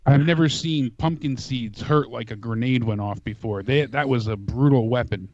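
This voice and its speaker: A man's voice: mid-range voice, normal speed, a little mellow. A man co-hosting a call-in review show, chatting in a laid-back, hesitant way. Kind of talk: casual call-in chat. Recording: slightly dull, dry audio.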